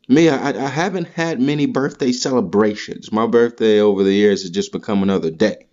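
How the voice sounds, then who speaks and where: A man's voice: on the low side, darkish tone, muffled recording. A man hosting a podcast, delivering a rambling, profane comedic monologue full of crude rants. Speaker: podcast host.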